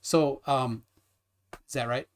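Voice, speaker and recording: A man hosting a casual live stream, joking and rambling with lively, laughing delivery. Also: mid-range voice, slow. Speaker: livestream host. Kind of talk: casual livestream chat.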